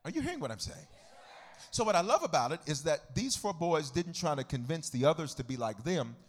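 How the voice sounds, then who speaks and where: A man preaching a sermon as pastor, swinging from quiet teaching into sung, shouted whooping. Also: very animated, fairly quick. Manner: whooping preacher rising into sung shouts, then dropping low.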